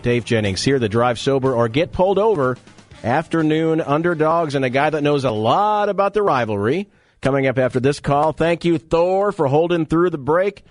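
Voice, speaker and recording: A man's voice: a little high, expressive, no room sound, soft background music. Upbeat male sports radio host. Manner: upbeat, quick interjections.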